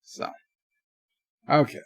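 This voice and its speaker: A man's voice: extremely slow, a bit bright, no echo, studio quality. A man hosting a casual live stream, rambling about the news and reading chat messages aloud. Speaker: livestream host.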